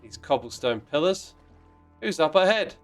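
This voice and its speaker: This livestream host's voice is fairly high and sing-song, moving at a moderate pace with faint music behind it. While playing a block-building game, he casually reads viewer messages with mock indignation, playfulness, and sudden exclamations.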